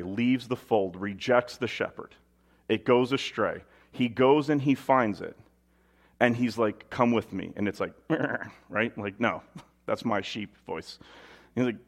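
A man preaching a sermon, reading scripture aloud and asking rhetorical questions in a conversational way. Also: mid-range voice.

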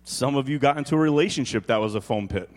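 Animated pastor preaching in a reverberant hall. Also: male voice, mid-range voice, fast. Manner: animated, joking, swings between quiet emphasis and loud exclaims. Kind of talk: sermon. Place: church hall.

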